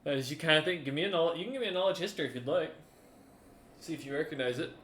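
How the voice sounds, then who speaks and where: Man game master, bright tone, loose halting narration, echoey room. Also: a little high, animated, a little hiss or hum. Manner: casual, halting narration with fillers.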